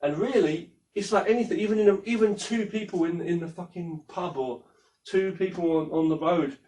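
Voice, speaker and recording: A man's voice: high voice, normal speed, darkish tone. A man teaching martial arts in a rambling, casual way, demonstrating moves as he talks and swearing freely. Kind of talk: casual spoken lesson. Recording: voice from a distance from the mic.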